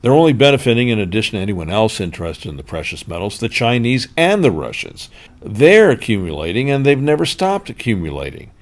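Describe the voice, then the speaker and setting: Low-voiced male radio interviewer. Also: big pitch swings, brisk. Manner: probing, direct questions.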